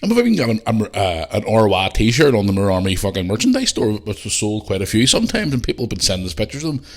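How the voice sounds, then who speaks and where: A middle-aged man with a Northern Irish accent hosting a podcast, rambling and swearing, and growing heated and loud. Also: on the low side, very animated, fast talker. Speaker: podcast host. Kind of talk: casual monologue.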